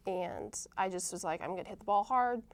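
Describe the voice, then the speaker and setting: A young woman, a college softball player, answering interview questions casually, often pausing with ums and starting sentences over. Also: medium pitch. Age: young adult. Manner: hesitant, many ums and restarts.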